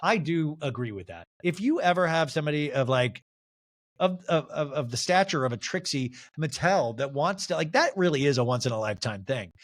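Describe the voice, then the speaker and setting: A man's voice: fairly high pitch, brisk. A man hosting a solo podcast, recapping a reality show and acting out the quotes in mimicking voices. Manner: animated, mimics cast members' voices. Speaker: podcast host.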